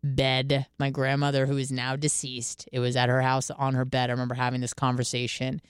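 A woman in her twenties hosting a radio podcast, telling candid stories in a casual, profane, animated way. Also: very deep voice, a little fast, smooth, dry recording, studio quality. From Michigan, US. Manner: candid, profane, animated storytelling with quoted self-talk. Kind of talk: casual monologue.

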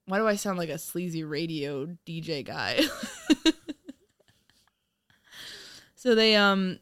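A woman's voice: fairly low pitch, animated, slow pace, pauses often, fairly bright tone, clean tone, no room sound. A woman co-hosting a podcast in casual chat, giggling often and rambling with fillers. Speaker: podcast co-host.

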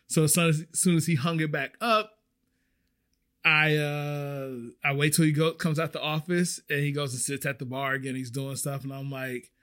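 A man casually telling a story about his restaurant job, animated and swearing freely. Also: a little high, normal speed. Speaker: restaurant server.

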